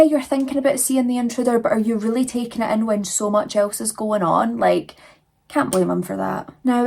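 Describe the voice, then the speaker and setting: Her voice is medium-pitched, creaky and a little mellow as this young adult woman tells a case on her true crime channel. The telling is chatty and casual, peppered with "like" and "you know."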